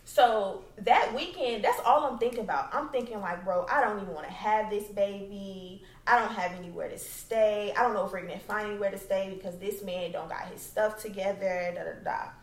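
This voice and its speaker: A woman's voice: medium pitch, brisk, hardly any pauses, distant mic. A young woman tells her own story as a podcast host, blunt, cussing freely and hitting her words hard. She sits a little back from the microphone in a room that rings around her voice. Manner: blunt and profane, emphatic. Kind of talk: candid personal storytelling. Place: home. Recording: roomy, away from the mic.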